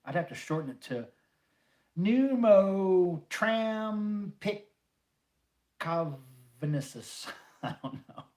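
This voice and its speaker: Chatty middle-aged man reading chat aloud. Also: fairly high pitch. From North Carolina, USA. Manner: chatty, jokey, reads viewer comments aloud. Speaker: livestream host. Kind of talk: casual livestream chat. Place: home room.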